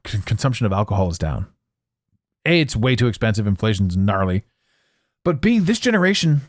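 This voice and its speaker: A man's voice: fairly high pitch, dry recording, studio quality. A man hosting a podcast, talking in a blunt, profane, casual monologue. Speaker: podcast host.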